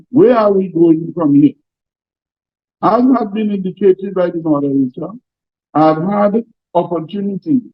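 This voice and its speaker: An older Trinidadian man with a high-pitched voice addresses a union seminar, hammering points home through repetition and folksy stories. The sound is dull and lo-fi, and very dry. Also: dry recording. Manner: emphatic, repetitive, folksy storytelling. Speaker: trade union president. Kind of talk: seminar speech with anecdotes.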